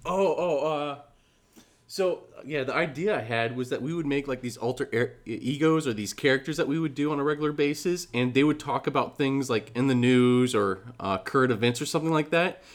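A man's voice: mid-range voice, a little fast. Easygoing young man telling stories. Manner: easygoing storyteller, laughs often. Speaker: podcast co-host. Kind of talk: casual podcast banter.

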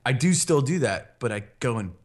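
Guy on a podcast rambling thru a story, doing everyone's lines, mid pitch. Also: animated, normal speed. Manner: rambling storyteller, acts out quotes. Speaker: podcast co-host. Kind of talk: casual podcast chat.

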